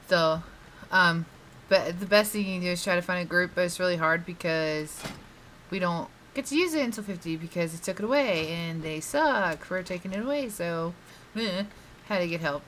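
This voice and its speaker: A woman with a lowish, fairly bright voice and lively intonation chats at a moderate pace while playing a game for her vlog, rambling and laughing often. The low-quality recording has slight background noise and faint game music behind her.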